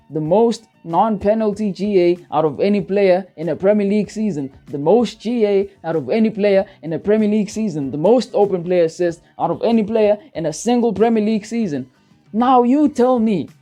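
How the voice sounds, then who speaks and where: Dude going off on a football rant, swearing a lot, kinda dark mellow voice, faint music under it. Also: male voice, sits high. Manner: profane, fired-up, repeats himself for emphasis. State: worked up, feels hot-headed. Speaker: football channel host. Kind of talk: heated football rant to camera.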